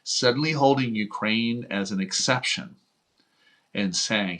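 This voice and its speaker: A man's voice: fairly low pitch, measured pace, fairly bright tone. A man from Houston hosting political commentary, talking in a blunt, profane, heated rant. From United States (Houston). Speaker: host.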